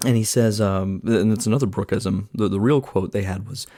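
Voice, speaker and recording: A man's voice: fairly low pitch, steady tone, normal speed, mellow, no room sound, studio quality. A man hosting a podcast, casually retelling and reviewing a film in a chatty way, with lots of filler words and quotes he acts out.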